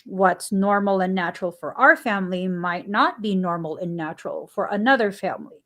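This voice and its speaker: A woman's voice: mid-range voice, normal speed, a bit bright. A woman hosting a spiritual podcast, telling a family story in a casual way. She acts out the quoted dialogue and laughs often. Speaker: podcast host.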